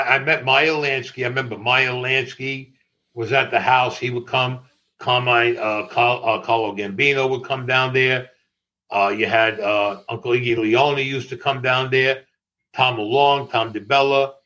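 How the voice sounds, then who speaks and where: An older man telling stories in an interview, animated, laughing often and swearing freely. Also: medium pitch, muffled recording. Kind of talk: storytelling in conversation.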